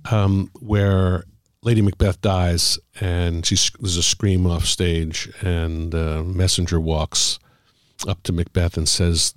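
A man, middle-aged or older, an author telling stories about the craft of writing in a casual, halting way with many fillers. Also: sits low, level tone, no echo, studio quality. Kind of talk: casual conversational storytelling.

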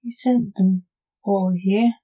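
A woman's voice: medium pitch, steady tone, slow pace, dark tone, rough recording. A woman voicing a sarcastic, jesting young male necromancer teasing his father in a read-aloud story.

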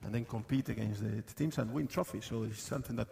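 A man, a football club manager, answering questions on stage at a live event, halting with many fillers and often laughing. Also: mid-range voice, vocal fry, warm tone.

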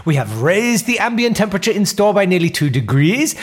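A man's voice: high-pitched, big pitch swings, fairly quick, slightly rough, pitched above the performer's own voice, full character voice. A man voicing a smug male Swedish company executive in a mock Swedish accent, sing-song and corporate.

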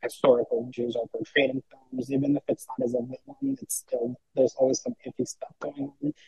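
A man's voice: medium pitch, very animated, a little fast, gravelly, a little mellow, breathy edge, no room sound, muffled recording. A man talking as a podcast guest in casual chat, rambling with lots of fillers and restarts.

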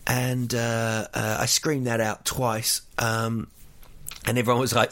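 A man's voice: mid-range voice, little pitch movement, measured pace, fairly bright tone. Rambling New Zealand man, jokey. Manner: rambling, jokey storyteller with many fillers and restarts. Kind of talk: casual chat.

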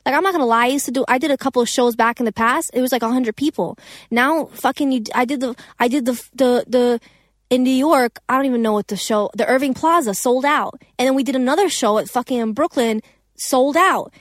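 Young woman, slightly high voice, dry sound; rambling, profane, lively interview chatter. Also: fairly quick, no room sound. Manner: rambling, profane and animated, with many restarts. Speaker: singer and songwriter. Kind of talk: casual interview chat.

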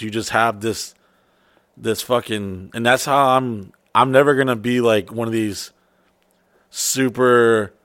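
A man's voice: mid-range voice, no room sound. Profane rambling middle-aged man. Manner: profane, rambling, animated storytelling. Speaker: podcast co-host. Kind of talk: crude casual chat.

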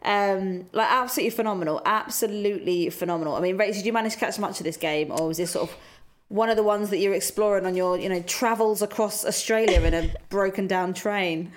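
A woman's voice: mid-range voice, a little fast. A woman co-hosting a casual football podcast, chatty and full of fillers, swearing now and then. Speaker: podcast co-host.

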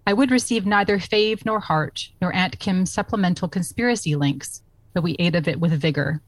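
A woman reading aloud in a mock-solemn storybook narrator voice, slow and stately. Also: fairly low pitch, dry recording, lightly acted, low-quality recording.

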